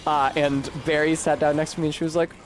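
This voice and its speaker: A man streams a video game with casual commentary that rambles, swears, and pokes fun at himself. His fairly high voice stays level in tone and moves at a quick pace, with slight background noise.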